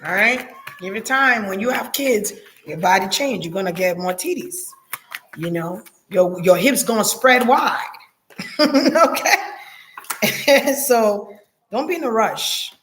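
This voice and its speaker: A woman vlogging in a casual, blunt and profane monologue, talking straight to her viewers, laughing often, with lively jumps in pitch. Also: measured pace, a little hiss or hum.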